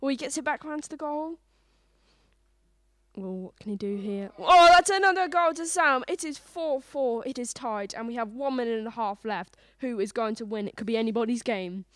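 A woman giving playful, excited sports-style commentary on a family table game. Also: a little high, moderate pace, dry recording, studio quality. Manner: excited, animated.

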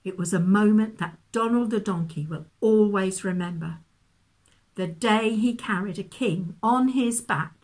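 A woman gently reading a children's Bible story aloud, with expressive storytelling. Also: mid-range voice, measured pace.

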